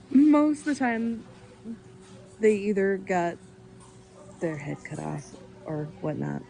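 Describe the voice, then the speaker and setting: A woman's voice: medium pitch, very animated, extremely slow, gravelly, pauses often, dark tone, faint music behind, low-quality recording. A woman chatting casually on a live stream, telling stories, laughing often and reading chat messages aloud.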